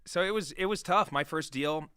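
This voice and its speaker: A man as an interview guest, telling his story candidly with profanity, swinging between hushed and loud. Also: on the high side, moderate pace, smooth, no room sound. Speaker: guest, real estate investor.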